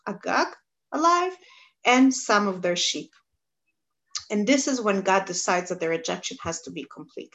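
Woman, Bible teacher, explains scripture, mid-range voice. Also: mid-range voice. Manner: reads scripture aloud, then explains it. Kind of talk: text study lesson.

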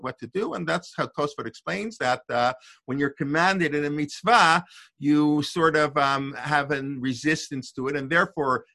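Older man, rabbi teaching, discursive, thinking aloud, slightly high voice, dry close sound. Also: creaky, pushed and bright, no echo. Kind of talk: informal Torah lesson.

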